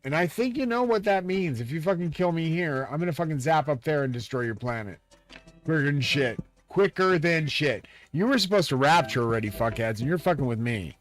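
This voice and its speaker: A man's voice: a little high, expressive, fast, hardly any pauses. A man live-streaming a profane, agitated, grandiose rant aimed straight at his viewers. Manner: profane, agitated and grandiose, talks to the audience directly. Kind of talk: ranting monologue to viewers. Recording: loud music playing behind the voice. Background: loud music.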